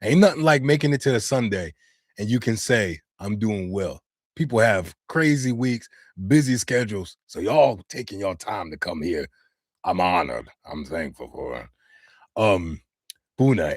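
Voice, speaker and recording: A man's voice: lowish voice, slightly rough, dry recording, clean studio sound. An American man and voice actor chatting casually on a live stream, answering viewer comments with loose slang. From United States. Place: home studio.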